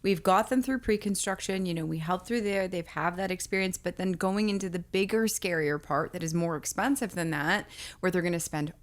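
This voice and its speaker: A woman's voice: fairly low pitch, a little fast. A woman co-hosting a podcast in casual chat, blunt and candid, swearing for emphasis. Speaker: podcast co-host.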